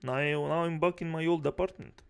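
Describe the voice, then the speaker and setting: Brief: male streamer, fairly high voice, foul-mouthed angry reaction commentary. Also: fairly even intonation, moderate pace, creaky, clear, resonant tone. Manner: angry, profane ranting.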